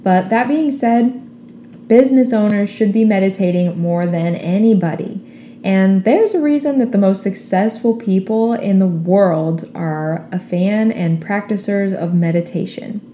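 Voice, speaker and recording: A woman's voice: mid-range voice, unhurried, dark tone. A woman hosting a podcast, talking earnestly and encouragingly in a prepared monologue. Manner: earnest, encouraging, faith-minded. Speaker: podcast host. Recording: roomy echo with faint background noise.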